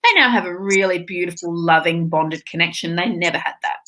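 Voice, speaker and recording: A middle-aged woman, a spiritual teacher, telling her story in a casual interview with candid, expressive talk and the odd swear word. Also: fairly low pitch, fairly quick.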